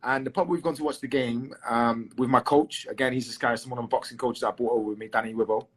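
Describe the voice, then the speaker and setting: A husky-voiced man with a London accent chats loosely as an interview guest. He swears casually, restarts his sentences and leans on "um" as he talks. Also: medium pitch, fairly even intonation, fast talker, fairly bright tone. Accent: English, London. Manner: chatty, swears, fills with "um" and restarts. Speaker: guest fighter.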